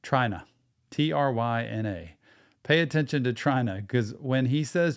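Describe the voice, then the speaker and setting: A man's voice: medium pitch, lively intonation, unhurried. A man hosting a live reaction show, breaking down song lyrics in an earnest, explanatory way.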